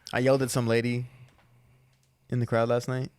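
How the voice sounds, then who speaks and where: A man co-hosting a podcast and telling a profane, animated story as a stand-up comedian in casual chat. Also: medium pitch, moderate pace, no echo, studio quality. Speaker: podcast co-host.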